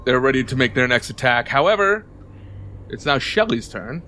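A man's voice: medium pitch, very animated, normal speed, pushed and bright, a little hiss or hum. A man running a tabletop game as game master, narrating loosely and often repeating his words.

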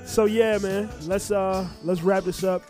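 A young man co-hosts a casual podcast, his voice sitting a little higher than most men's. He talks in a relaxed, easygoing way and drags out his closing lines. Faint music plays quietly underneath. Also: measured pace. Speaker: podcast co-host.

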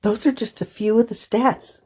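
A woman's voice: fairly high pitch, steady tone, moderate pace, a little mellow, breathy edge. Female therapist co-host, conversational storyteller, acts out dialogue. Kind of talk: podcast conversation.

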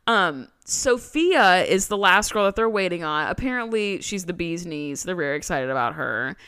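Woman podcast co-host, sarcastic and slangy, lively swooping pitch, smooth clear voice, dry close sound. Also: normal speed, no echo. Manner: sarcastic, slangy, animated recapping. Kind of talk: casual recap chat.

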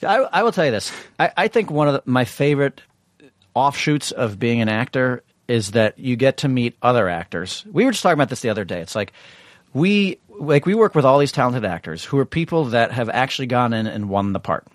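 A man's voice: medium pitch, very animated, a little fast, no echo. A man co-hosting a podcast, chatting casually and swearing a lot. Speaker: podcast co-host. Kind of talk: casual profane podcast chat.

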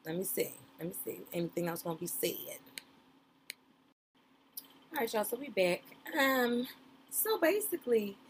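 A woman's voice: medium pitch, big pitch swings, a little slow, pauses often, a little hiss or hum. A woman giving casual, playful reaction commentary on a reality show, talking straight to her viewers in a slangy, chatty way. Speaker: reaction streamer.

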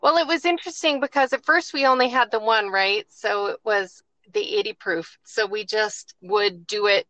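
A woman guest on a podcast, explaining how she picks whiskey barrels in an easygoing, filler-heavy way. Her voice is bright and forward. The recording is dry and close, with almost no room sound. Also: medium pitch, moderate pace, few pauses, no room sound. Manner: relaxed, explanatory, with many fillers. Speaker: distiller, guest. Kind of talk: conversational interview answers.

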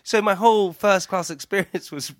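A man's voice: high voice, normal speed. A man talking as a guest in a casual chat, telling self-deprecating stories with easy laughter.

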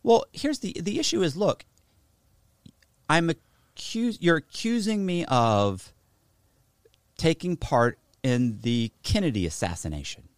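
A man's voice: fairly high pitch, slow, pauses often, no room sound. A man tells a story on a casual podcast, his voice swinging up and down with real liveliness as he acts out both sides of an old argument. He swears freely and talks with plenty of bite. The sound is close and dry, with no room around it. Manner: animated, acts out quoted dialogue, swears.

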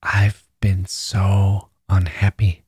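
A man's voice: deep voice, little pitch movement, very slow, darkish tone, slightly rough, no room sound, exaggerated voice. A man reading voices a distraught young woman who is breathing heavily, pale and stunned. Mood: pleading.

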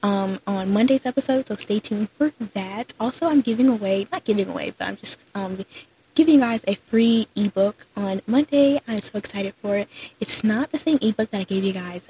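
A woman's voice: mid-range voice, normal speed, mellow, poor audio. A young woman hosting her own podcast, chatting casually and upbeat, with lots of "like" and "so". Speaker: podcast host. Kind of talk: casual solo podcast chat.

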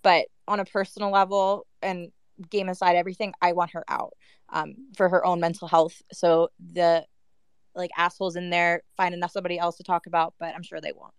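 A woman's voice: lowish voice, flat delivery, fairly quick, clear, resonant tone, no echo. A woman in a casual audio chat room, talking heatedly and filling her speech with "like" and "um". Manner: heated, with frequent "like" and "um" fillers. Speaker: guest speaker.

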